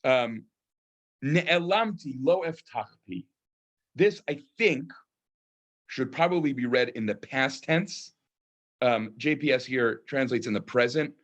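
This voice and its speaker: A man's voice: medium pitch, slow, long pauses. A man leading a text study class. He reads Hebrew verses aloud, translates them and reflects on them thoughtfully, with many ums. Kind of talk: online text study lecture.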